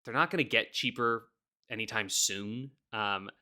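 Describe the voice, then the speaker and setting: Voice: medium pitch, measured pace, sharp tone. A podcast co-host in casual chat, ranting animatedly and swearing a lot, often laughing.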